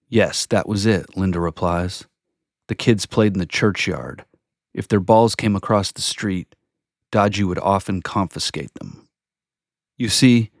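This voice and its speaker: Man, very low gravelly voice, slow reflective poetry reading, measured and unhurried. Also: no echo, clean studio sound. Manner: measured, unhurried, contemplative delivery. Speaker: poet reading his own work.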